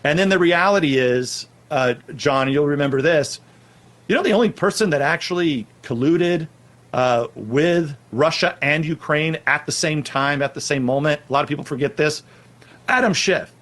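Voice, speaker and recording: Assertive male guest, slightly high voice. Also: normal speed, fairly bright tone. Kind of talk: casual political chat.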